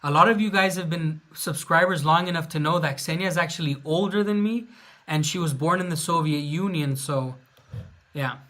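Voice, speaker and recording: An American man chats his way through a live question-and-answer stream, loose and unscripted, often stopping on filler sounds. His voice sits slightly high and comes across bright and forward. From United States. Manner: casual, rambling, with frequent filler pauses. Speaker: livestream host. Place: indoors at home, late at night.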